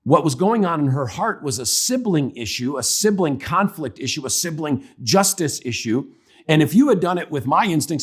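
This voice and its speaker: A man's voice: a little high, lively intonation, moderate pace, slightly rough. A man giving a Christian parenting talk in a conversational, humorous way. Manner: conversational, humorous, acts out examples. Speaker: parenting speaker.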